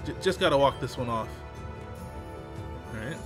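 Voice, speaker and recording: A man's voice: medium pitch, lively intonation, normal speed, over music, pitched below the performer's own voice, lightly acted. A man reading the lines of a shaky young male friend who stammers and hides pain. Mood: nervous. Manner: stammering, unsteady.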